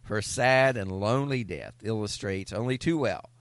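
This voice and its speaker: Picture a man with a fairly low voice co-hosting a loose comedy podcast. He reads biography notes aloud and trips over filler pauses as he goes. His voice sounds dry and close to the mic, with no room around it. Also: no echo. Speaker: podcast co-host. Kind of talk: casual comedic podcast chat, reading a biography.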